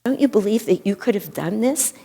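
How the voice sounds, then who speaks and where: A woman's voice: medium pitch, lively intonation, brisk, creaky, mellow, breathy edge. A woman voicing a bold male monkey who rouses his companions with urgent, challenging questions. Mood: rousing. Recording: long hall reverb.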